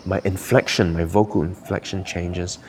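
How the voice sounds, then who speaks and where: A man's voice: deep voice, fairly even intonation, moderate pace, slight background noise. A man from Malaysia hosting a podcast, giving earnest, encouraging coaching talk while thinking aloud. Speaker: podcast host.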